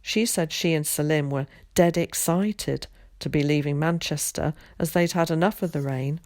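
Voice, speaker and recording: A woman teacher reads a children's novel aloud in a lowish voice, clear and measured. The sound is close and dry, with no room around it. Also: darkish tone, dry recording. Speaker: primary school teacher.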